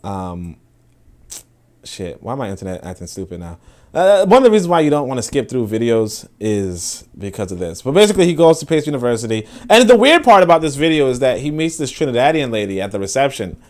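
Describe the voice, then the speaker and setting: A man's voice: mid-range voice, sing-song, a little fast. Rambling, profane male commentator. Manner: rambling and profane, heavy with filler words. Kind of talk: casual commentary on online clips.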